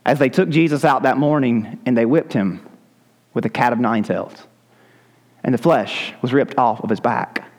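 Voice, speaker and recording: A man's voice: mid-range voice, normal speed, in a large hall. A male pastor preaching a sermon in a church, retelling scripture in a vivid, dramatic storytelling manner. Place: church sanctuary.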